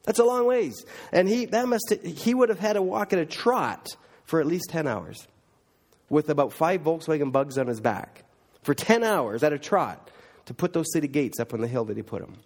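A man preaching a sermon, telling stories with big swings between loud emphatic lines and quiet low asides. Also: big pitch swings, normal speed.

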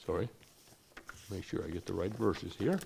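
A man teaching from scripture in a conversational way, reading verses slowly and then explaining them in quick asides. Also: low-pitched, vocal fry, a little mellow, slight background noise. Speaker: preacher. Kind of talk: Bible teaching.

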